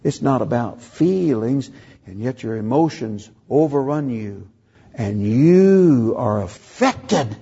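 Gravelly older man preaching. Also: expressive, slow pace, warm tone, lo-fi sound. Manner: storytelling, acting out dialogue with rising pitch. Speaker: pastor. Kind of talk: sermon.

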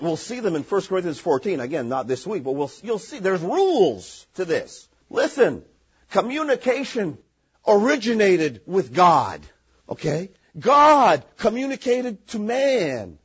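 A man's voice: fairly high pitch, breathy edge, lo-fi sound. A man from northern Maine preaching a sermon, emphatic and repetitive, often checking in with "okay?". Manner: emphatic, repeats points, frequent "okay?" check-ins. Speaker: pastor.

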